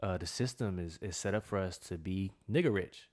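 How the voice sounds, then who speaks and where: Low-voiced man explaining things. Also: normal speed, a little mellow. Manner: explaining, lays out ideas step by step. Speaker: podcast co-host. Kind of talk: casual chat.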